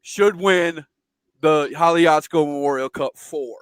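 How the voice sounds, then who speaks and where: High-voiced excitable man, dry sound. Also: a little slow, smooth, no room sound. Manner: excitable, stammering, repeats himself. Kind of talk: casual chat.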